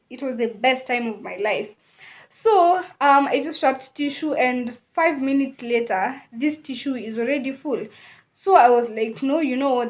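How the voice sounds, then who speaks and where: A young woman with a Kenyan accent telling a personal story in a casual, chatty way, mixing in Swahili phrases. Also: high voice. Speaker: vlogger.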